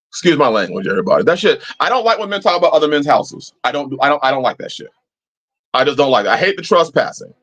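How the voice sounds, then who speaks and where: A man's voice: fairly high pitch, very animated, fast talker, fairly bright tone. A man hosting a live-chat stream, talking casually and preachily, swearing freely as he answers viewers. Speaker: livestream host.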